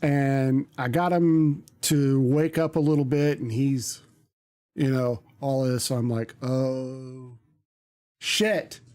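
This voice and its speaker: A man's voice: medium pitch, fairly even intonation, a little slow, mellow. A man, a streamer, telling a story in casual chat, rambling with many ums and restarts.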